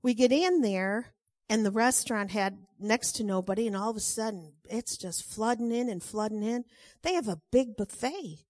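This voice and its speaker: A woman with a fairly high voice tells a personal testimony story, chatty and animated. She slips into the voices of the people she quotes. The sound is close and dry. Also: normal speed, no room sound.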